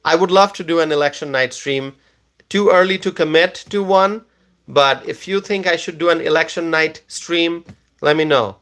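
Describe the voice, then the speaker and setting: A man hosting a casual live stream, tired after a long day, talking slowly and repeating himself as he reads viewer comments aloud. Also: a little high, fairly bright tone.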